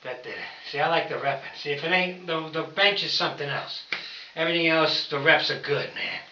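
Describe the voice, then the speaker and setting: Older guy talking fitness and food at home, bright sharp voice, sounds far off in an echoey room. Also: on the high side, a little fast. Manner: rambling, folksy, talks straight to viewers as fellas. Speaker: home powerlifting vlogger. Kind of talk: casual talk to camera while training. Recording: roomy, distant, dull camera audio.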